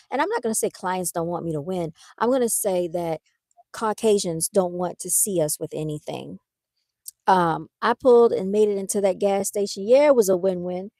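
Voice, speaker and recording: A woman telling a story on a casual livestream, animated, talking straight to her viewers into a phone. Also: medium pitch, dry recording. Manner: animated, addresses viewers as "y'all". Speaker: vlogger. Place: outdoors by a car, then moving inside.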